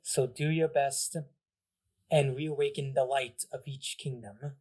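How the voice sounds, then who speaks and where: A man voicing a kindly female goddess who speaks gently and encouragingly. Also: mid-range voice, steady tone, measured pace, lightly acted.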